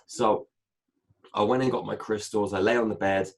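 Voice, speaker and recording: A man with a mid-range voice, speaking fairly quickly, is a guest in a casual interview. He tells a long, animated anecdote, acting out the dialogue with plenty of "I said" asides.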